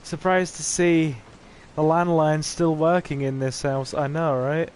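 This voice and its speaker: A man's voice: on the high side, level tone, a little slow, a little mellow, slight background noise. A man streaming a horror game, chatting casually with viewers and reading their comments aloud with jokey asides. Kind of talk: laid-back livestream commentary.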